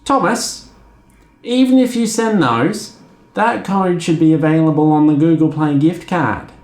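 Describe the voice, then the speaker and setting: A man's voice: on the high side, unhurried, a little mellow, roomy sound. A man putting on the voice of a chirpy, patronizing male customer support agent who keeps refusing to help. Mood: cheerfully unhelpful.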